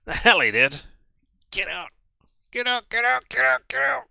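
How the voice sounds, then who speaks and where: A man voicing a hostile woman investigator, high and shrill, who snaps and yells. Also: big pitch swings, normal speed, gravelly, no echo, muffled recording, exaggerated voice. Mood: furious. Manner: snapping, yelling.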